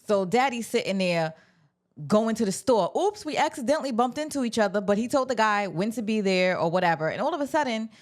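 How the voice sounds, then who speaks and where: A woman recapping a film plot casually, sassy and animated, acting out the characters' lines with her own reactions. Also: on the high side, fairly quick. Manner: sassy, animated storytelling with acted-out quotes. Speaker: film reviewer. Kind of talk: casual spoken movie review.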